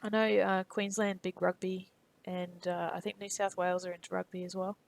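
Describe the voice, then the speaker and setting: A woman's voice: lowish voice, little pitch movement, moderate pace, gravelly. An Australian woman streamer from Perth, chatting casually with her viewers while she works on a 3D model and laughing easily. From Perth, Western Australia.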